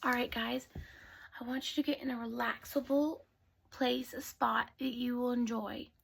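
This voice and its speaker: A woman telling bedtime stories to children in a soft voice that often drops to a whisper. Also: on the high side, little pitch movement, normal speed, creaky, breathy edge. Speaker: storyteller. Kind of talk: bedtime storytelling.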